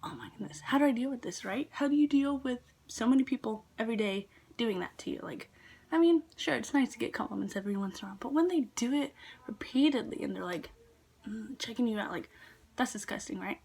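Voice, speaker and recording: A woman's voice: a little high, expressive, quick pace, vocal fry, darkish tone, husky. A teenage girl casually telling work stories in a vlog, chatty with lots of fillers, sometimes dropping to a whisper. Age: teens. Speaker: vlogger.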